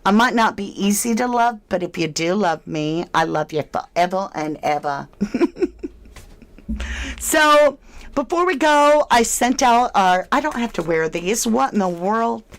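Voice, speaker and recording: A woman's voice: mid-range voice, expressive, unhurried. Chatty woman hosting a livestream. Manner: chatty, emphatic, slightly snarky. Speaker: true crime channel host. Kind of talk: casual livestream chat reading comments.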